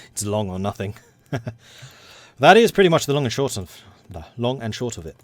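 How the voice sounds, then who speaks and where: An excitable young Englishman rambling through commentary on a strategy game he is playing. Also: mid-range voice, moderate pace, no room sound, clean studio sound. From England. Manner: excitable and rambling, self-described hyper. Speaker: let's play host. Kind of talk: gaming commentary.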